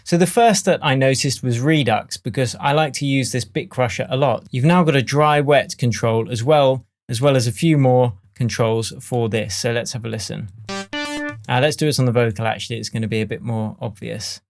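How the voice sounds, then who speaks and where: A man giving a relaxed, chatty software tutorial for music producers, with faint demo music behind him. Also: mid-range voice, moderate pace. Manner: relaxed, chatty explaining with fillers. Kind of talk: screen-recorded software tutorial. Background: faint demo music playing.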